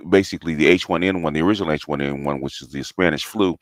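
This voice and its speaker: Deep-voiced man, dry sound. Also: dry recording. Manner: measured, listens with short backchannels. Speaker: host. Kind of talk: casual conversation.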